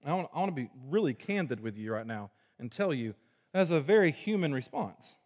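A man preaching a sermon to a congregation, moving between forceful emphasis and hushed, low passages. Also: very animated, brisk. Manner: dynamic preaching, swinging from loud emphasis to hushed low tones. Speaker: pastor. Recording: long reverb of a large hall.

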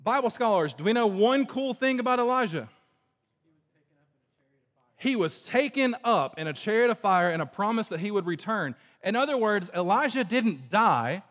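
A man's voice: high voice, animated, moderate pace, fairly bright tone. A man preaching a casual, conversational sermon as a youth pastor, chatty and full of fillers, asking his audience questions. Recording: echoey hall.

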